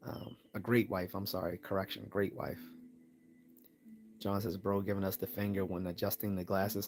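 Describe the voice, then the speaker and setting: A man hosting a casual live-stream Q&A, reading chat messages aloud and answering them in a relaxed way, laughing often and repeating words as he starts, while losing his voice. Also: sits low, moderate pace, a little hiss or hum.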